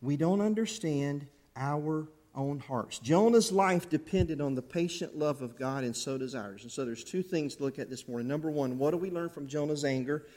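A man preaching a sermon to his church, animated, acting out angry outbursts along the way. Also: on the high side, moderate pace, few pauses. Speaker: pastor. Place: church sanctuary.

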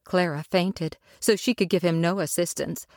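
A woman narrating a children's story aloud with expressive, dramatic delivery. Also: lowish voice, moderate pace, dry recording, studio quality. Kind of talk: storybook reading.

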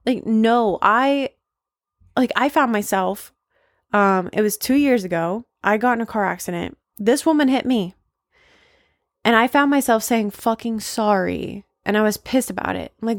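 A woman's voice: fairly high pitch, normal speed, no room sound, studio quality. A woman hosting a casual solo podcast, talking candidly and emphatically with frequent swearing and lots of "like" fillers. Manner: emphatic, confessional. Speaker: podcast host.

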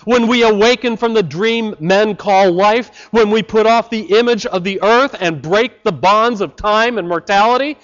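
A man preaching a sermon, slow and deliberate, with dramatic pauses. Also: high voice, a bit bright. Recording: slightly dull lo-fi recording.

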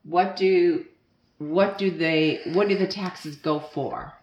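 A woman's voice: fairly low pitch, steady tone, takes it slowly, a little mellow, dull audio, slight background noise. A woman interviewing children with playful questions and frequent laughter, speaking into a microphone. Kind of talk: casual question-and-answer with kids. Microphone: studio microphone. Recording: roomy echoey room.

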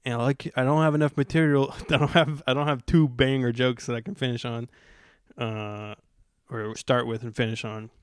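A man's voice: medium pitch, little pitch movement, normal speed, clear, resonant tone, no room sound, studio quality. A man hosting a podcast, telling a story in a laid-back, rambling way. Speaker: podcast host. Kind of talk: casual storytelling chat.

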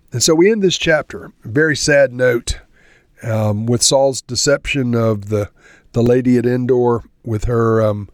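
A man's voice: mid-range voice, unhurried, no room sound, studio quality. A man teaching verse by verse through a Bible chapter in a conversational, earnest way. He reads passages aloud, explains them, and closes with a spoken prayer.

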